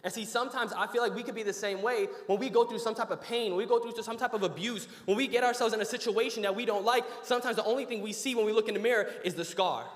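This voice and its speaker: A young man with a fairly high voice delivers a short sermon in a roomy, echoing hall. He talks casually, telling a story, then climbs into emphatic preaching. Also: fast, hardly any pauses. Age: young adult. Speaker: student preacher. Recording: echoey hall.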